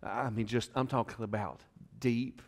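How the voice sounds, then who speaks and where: A male pastor preaching a sermon, retelling a scripture story dramatically and questioning the congregation, moving between loud bursts and hushed moments. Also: mid-range voice, fairly even intonation, moderate pace. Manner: conversational, asks the crowd questions.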